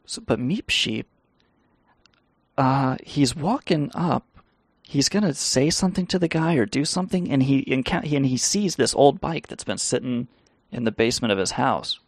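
A man with a gravelly, creaky voice tells a loose, swearing-laced story on his live stream. His sound is close and dry. He chuckles as he rambles and reads the chat aloud. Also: mid-range voice, expressive, moderate pace, no echo. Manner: rambling, profane, laughing. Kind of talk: casual storytelling and reading chat.

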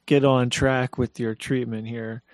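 A man's voice: mid-range voice, little pitch movement, unhurried, no room sound. A man co-hosting a podcast, chatting casually with wry remarks. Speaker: podcast co-host. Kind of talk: casual chat.

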